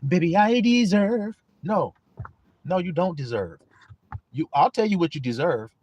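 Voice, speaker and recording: A high-pitched man preaching to his online flock, his voice swinging widely up and down as he jokes, swears and fires rhetorical questions. The sound is close and dry, with no room around it. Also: sing-song, moderate pace, darkish tone, breathy edge, no room sound. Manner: profane, mocking and laughing, rhetorical questions. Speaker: online preacher and livestream host. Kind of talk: streetwise livestream preaching.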